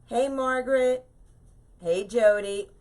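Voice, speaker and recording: A woman's voice: a little high, slow, a little mellow. A middle-aged woman hosting a chatty craft livestream, greeting viewers by name in a bubbly, upbeat way. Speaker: wreath-making livestream host. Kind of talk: casual livestream chat with viewers.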